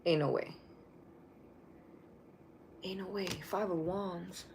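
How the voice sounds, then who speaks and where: A woman's voice: fairly low pitch, slow pace, creaky, slight background noise. Blunt, profane woman reading tarot. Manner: blunt, profane, animated, repeats phrases. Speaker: tarot reader. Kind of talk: casual live tarot reading.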